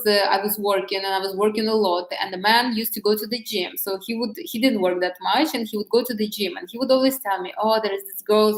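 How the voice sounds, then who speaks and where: Woman just chatting candidly to camera, mid pitch, kinda echoey room. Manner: candid and chatty, with many restarts and laughs. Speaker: vlogger giving dating advice. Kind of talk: casual talk to camera.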